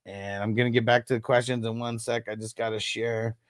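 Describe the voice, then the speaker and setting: The fantasy football livestream host, a man in his thirties, talks briskly in a level, mid-range voice while chatting casually, laughing and cursing. His studio sound is clean, with no room sound.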